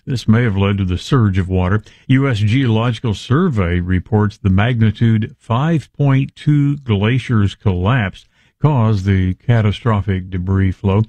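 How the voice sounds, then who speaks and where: Male news anchor, lowish voice, dry studio sound, clipped headline reads. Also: darkish tone, no room sound. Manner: measured, clipped headline delivery. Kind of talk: radio newscast.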